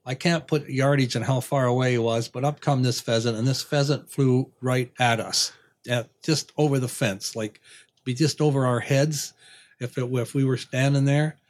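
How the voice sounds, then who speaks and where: A man's voice: mid-range voice, steady tone, moderate pace. A man telling a long hunting anecdote in a folksy, rambling way, with frequent restarts. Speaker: guest storyteller. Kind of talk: casual anecdote.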